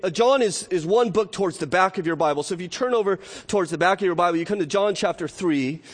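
Man preaching a sermon, fairly high voice, stops and restarts a lot, big echoey church hall. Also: fast. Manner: earnest preaching with frequent restarts and rhetorical asides. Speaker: pastor. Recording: long hall reverb.

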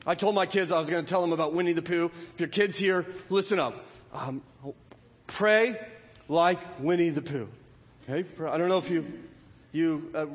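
High-voiced preacher in a reverberant hall. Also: male voice. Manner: storytelling, rising to emphatic preaching. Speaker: pastor. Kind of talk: sermon.

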